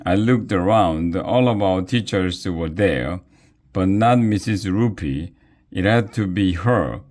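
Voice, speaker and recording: Deep-voiced man reading a kids' story. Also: takes it slowly, a little mellow. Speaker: reader of a children's book. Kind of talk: reading a children's story aloud.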